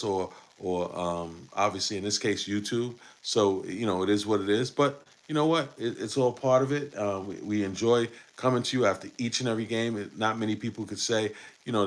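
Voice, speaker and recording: Male host with a low voice, loose live post-game sports chat, rambling and full of fillers. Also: fairly bright tone. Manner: rambling, many fillers and restarts. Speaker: podcast host.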